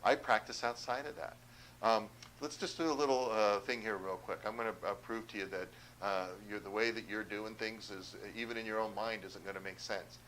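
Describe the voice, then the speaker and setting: A man's voice: on the low side, steady tone, a little fast, fairly bright tone, slight background noise, low-quality recording. A man speaking as a chiropractor, giving a direct, persuasive health talk and often asking the audience questions. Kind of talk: health seminar talk to viewers.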